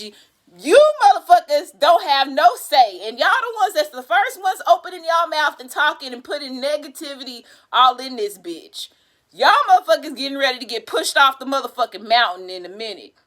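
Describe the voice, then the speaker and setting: A woman with a high, sharp voice reads tarot cards in a loose, unscripted way. She talks in a profane, exasperated tone. Her loud outbursts keep sinking into low muttering. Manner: profane, exasperated ranting with bursts of laughter. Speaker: tarot reader. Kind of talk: casual tarot reading monologue.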